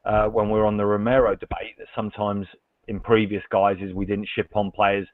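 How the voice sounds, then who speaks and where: A man's voice: fairly low pitch, little pitch movement, brisk, no room sound. A man as a panel guest in a casual football discussion, chatty and playful. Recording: tinny phone-like remote line.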